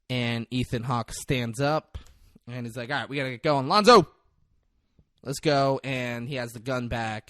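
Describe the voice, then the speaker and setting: A man's voice: medium pitch, dry recording, studio quality. A man co-hosting a podcast who retells a movie in casual chat, swearing freely and acting out the characters' lines. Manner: animated storytelling with profanity and acted-out quotes. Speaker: podcast co-host.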